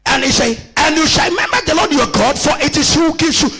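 A man with a Kenyan accent preaching a sermon as a bishop, using call-and-response and repeating his lines back to the congregation, shifting between shouted, sing-song declarations and quieter asides. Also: very high-pitched, fast talker, faint music behind, low-quality recording. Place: church.

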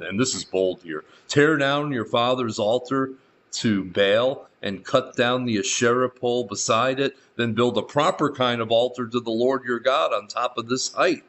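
Low-voiced man teaching the Bible. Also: fairly bright tone, lo-fi sound. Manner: reads scripture aloud and comments in between, with dry asides. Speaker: pastor.

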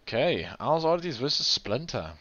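A man's voice: medium pitch, normal speed, no room sound. Tired man commentating a game stream. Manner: relaxed, chuckling, rambling. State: tired with a sore throat. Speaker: tournament host streaming a game. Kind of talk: casual live game commentary. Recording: dull lo-fi stream audio with game music. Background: faint game music.

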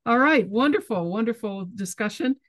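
A woman moderating an online conference session, brisk and encouraging. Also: a little high, lively intonation, a bit bright, dry recording.

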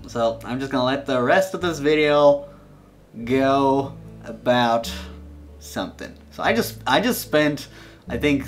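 Speaking at a medium pitch, a young man who runs a gaming channel gives loose, casual commentary on his gameplay. He's playful and rambling, frequently restarting sentences and repeating words.

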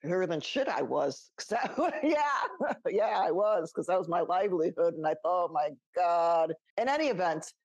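A woman's voice: fairly low pitch, moderate pace, darkish tone, dry recording, muffled recording. A middle-aged woman co-hosting a podcast, telling a personal story in a casual, chatty way and laughing often. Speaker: podcast co-host.

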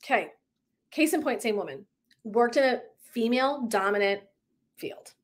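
A woman's voice: fairly high pitch, normal speed. A woman wellness coach talking live to her viewers, candid and emphatic, swearing casually and acting out stories as she goes. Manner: animated storyteller who acts out clients' lines. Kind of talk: livestream talk to viewers.

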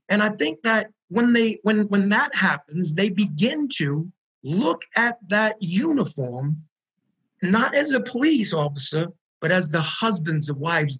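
A man with a high, husky voice tells his stories with earnest energy, doubling back on words to land them. The call audio is muffled and lo-fi. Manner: earnest, animated storyteller who repeats words for emphasis. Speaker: founder of a prisoner reentry program. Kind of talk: storytelling in an online panel interview.

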